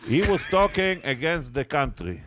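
Man, high lively voice, blunt, cursing, joking panel guest. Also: moderate pace. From Israel. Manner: blunt, animated, broken English, cursing freely. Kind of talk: loud joking banter.

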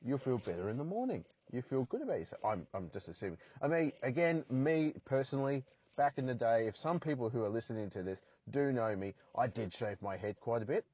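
Husky Australian guy rambling in his car. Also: medium pitch, lively intonation, a little fast, a little mellow, no echo, highs cut off. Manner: rambling, self-mocking, crude jokes. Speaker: podcast host. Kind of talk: solo rambling podcast chat. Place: parked car.

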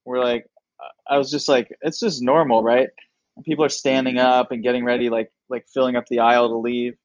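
A man telling a lively, animated story in casual chat, slipping into the voices of the people in it. His voice sits at a middle pitch. The sound is dry and close, with no room echo. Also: brisk. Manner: animated, acts out other people's lines. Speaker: comedian guest.

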